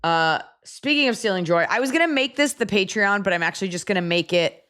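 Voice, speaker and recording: A woman hosting a podcast, telling a story in a casual, animated way with profane asides. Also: mid-range voice, fast talker, clear, resonant tone. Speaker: podcast host.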